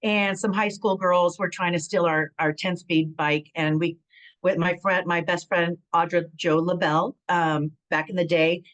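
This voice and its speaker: A middle-aged woman from California telling stories in a relaxed interview, with a fairly low voice. She acts out what people said and fills her talk with "um" and "you know what I mean." Her delivery stays chatty and animated. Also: measured pace, poor audio. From San Bernardino, California. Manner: animated storytelling, acts out quotes, frequent fillers. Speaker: guest, former pro wrestler. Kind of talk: casual interview chat.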